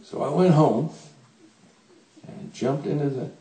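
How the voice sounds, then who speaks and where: An older man, a songwriter, telling a comic story on stage in a folksy, animated way, playing out the people he quotes, to a laughing audience. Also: fairly high pitch, a little slow, echoey room, recorded from a distance, rough recording.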